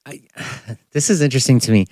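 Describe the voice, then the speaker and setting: A man's voice: mid-range voice, fairly quick, warm tone, no room sound. A man hosting a podcast, asking reflective questions and encouraging his guest. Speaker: podcast host. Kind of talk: interview questions.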